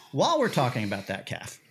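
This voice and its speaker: Guest spot: male storyteller, mid-pitch, animated, swears freely. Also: slight background noise. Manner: animated, swearing, acts out quoted voices. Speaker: podcast guest. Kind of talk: casual storytelling.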